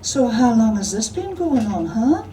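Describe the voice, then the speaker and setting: A woman voicing a brash, cheeky drag queen with a Scottish accent and a breathy drawl, recorded from a distance with background noise. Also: fairly high pitch, very animated, unhurried, mellow, roomy sound. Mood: teasing, theatrical.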